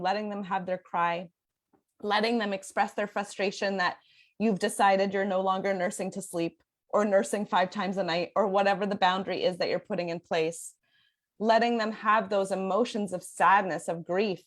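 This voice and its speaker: A young adult woman coach speaking earnestly in a podcast conversation, talking in long flowing sentences and laughing often. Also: medium pitch. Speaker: parenting sleep coach guest.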